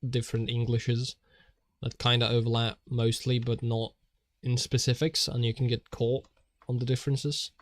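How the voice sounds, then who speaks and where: A man's voice: medium pitch, flat delivery, moderate pace. A man streaming while he draws, rambling in a jokey way and often laughing.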